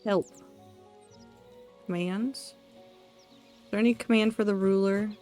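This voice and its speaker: This is a woman live-streaming as she builds in a game, talking half to herself and half to her chat. She gets excited and over-dramatic about small discoveries. Her voice sits in a middle range, with faint music playing behind her. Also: medium pitch, slow. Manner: excitable, thinks aloud, talks to herself and chat.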